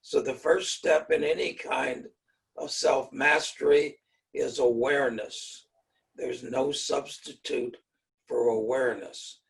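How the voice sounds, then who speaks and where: An older man talks through his ideas in a slow, measured way and keeps clearing his throat. His voice has a gravelly rasp at the bottom. He sounds a little distant from the microphone. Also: medium pitch, fairly even intonation. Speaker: speaker on fear and self-mastery. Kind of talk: explanatory talk.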